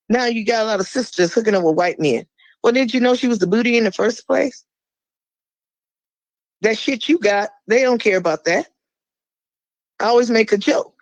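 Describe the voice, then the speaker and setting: Woman guest on a podcast, fired up and blunt, cussing, slightly high voice, dry close sound. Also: dry recording, low-quality recording. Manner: blunt, fiery, swears freely; emphatic, with sudden drops to a low, slow voice. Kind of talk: impassioned podcast conversation.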